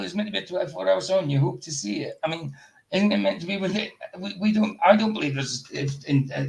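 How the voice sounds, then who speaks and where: A man with a Scottish accent chatting casually, loud and blunt, laughing often. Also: a little high, gravelly, low-quality recording. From Scotland. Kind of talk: casual chat.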